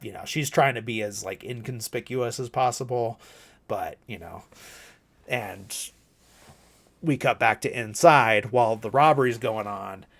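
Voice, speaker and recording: A man's voice: mid-range voice, a little slow, creaky, a bit bright. A man casually recapping a movie plot on a podcast, rambling loosely with lots of fillers and casual swearing. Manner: rambling, loose, swears freely, heavy "like" and "you know". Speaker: podcast co-host.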